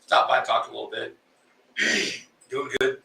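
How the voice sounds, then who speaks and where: Laid-back male co-host, mid-pitched bright voice, recorded from a distance in a roomy space. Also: slow pace, vocal fry. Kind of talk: casual chat. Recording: roomy and distant with faint noise.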